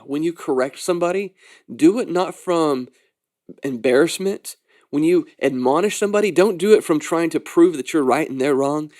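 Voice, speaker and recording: A man's voice: mid-range voice, darkish tone. A man hosting a podcast, giving an earnest, pastoral Bible teaching that rises into exhortation.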